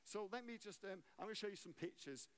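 Guest preacher, a man with a high voice, conversational and playful with the congregation. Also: expressive, fast, fairly bright tone. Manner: conversational, jokey, asks the audience questions. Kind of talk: sermon.

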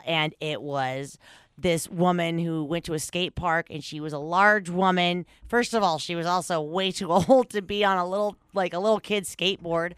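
Animated woman podcast host, smooth voice. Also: no echo, studio quality. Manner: animated, swearing, laughs often, big pitch swings; storytelling, reads news aloud with commentary. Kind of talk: casual chat.

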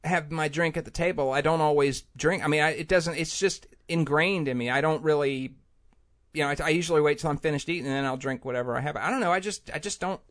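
A man's voice: fairly high pitch, quick pace, fairly bright tone. A man hosting a podcast in casual chat, grumbling and rambling with many restarts, recorded on a studio mic in a small room. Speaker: podcast host. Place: small room with the air conditioner off. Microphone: headphones and studio mic.

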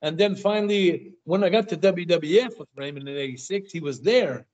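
An older man, a guest in an interview, telling animated anecdotes in casual talk, often stammering and repeating his words. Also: fairly high pitch, a little fast. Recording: dull lo-fi sound.

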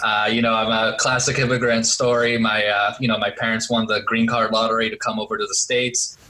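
A man speaking as a guest on a podcast interview over a remote call, telling his story in a relaxed way with many fillers. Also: fairly low pitch, fairly quick, poor audio. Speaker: podcast guest, real estate investor. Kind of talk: casual interview chat. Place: Boston area.

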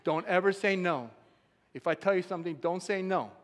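A man preaching a sermon as a pastor, emphatic and rising to loud shouts. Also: high voice, normal speed. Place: church sanctuary. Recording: long hall reverb.

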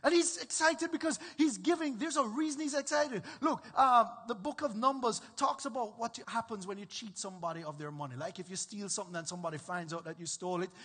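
A man's voice: sits high, fairly quick, hardly any pauses, a bit bright, long reverb tail. A man preaching a sermon as pastor, emphatic and repetitive, often checking in with his listeners.

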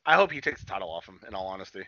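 A man's voice: deep voice, sing-song, racing, pushed and bright, no room sound. A man co-hosting a casual wrestling recap podcast, rambling and swearing, full of fillers and restarts. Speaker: podcast co-host. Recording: dull lo-fi sound.

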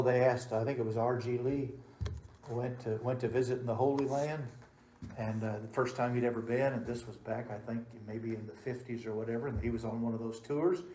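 A male pastor delivers his sermon, his middle-pitched voice surging to loud emphasis and then dropping to a hush. The sound carries the roomy echo of a church sanctuary. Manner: swings between loud emphatic and soft hushed delivery.

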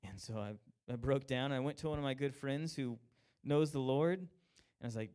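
A young man tells his faith story in a lively, self-mocking way. He slips into the voices of the people he quotes, and his voice sits at a middle pitch. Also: moderate pace, clean tone. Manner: animated, acts out quoted voices, laughs at himself. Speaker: speaker sharing a personal testimony. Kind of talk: storytelling testimony.

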